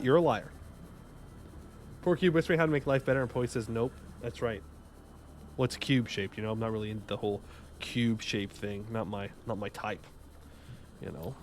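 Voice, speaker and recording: A man's voice: mid-range voice, moderate pace, long pauses, a little hiss or hum. A young man streaming a game live, joking, rambling and bantering with his chat in a casual way. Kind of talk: casual gaming livestream commentary.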